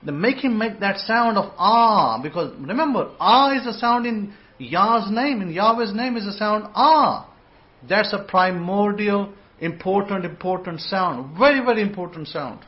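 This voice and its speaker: A man's voice: high voice, animated. Man teaching scripture over muffled audio. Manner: rambling, repeats words, sounds out syllables slowly. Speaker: host and religious teacher. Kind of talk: informal online scripture teaching.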